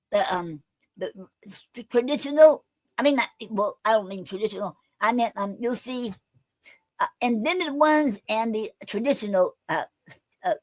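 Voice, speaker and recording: A woman hosting a poetry show, explaining a poem form in halting casual talk with many fillers and restarts. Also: fairly high pitch, dry recording. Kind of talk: casual live-stream chat.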